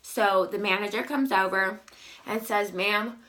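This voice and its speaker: A woman's voice: mid-range voice, takes it slowly, vocal fry, bright, forceful tone. A young adult woman telling customer service stories in a casual vlog, emphatic and exasperated. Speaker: vlogger.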